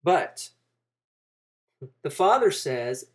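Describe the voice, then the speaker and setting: A man's voice: a little high, a little slow. A man preaching a sermon, walking through a passage and acting out the quoted lines with rising emphasis.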